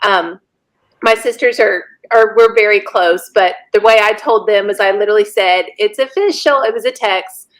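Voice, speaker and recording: A woman, a podcast guest telling a personal story in a lively way and laughing often. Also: mid-range voice, moderate pace. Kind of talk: casual storytelling.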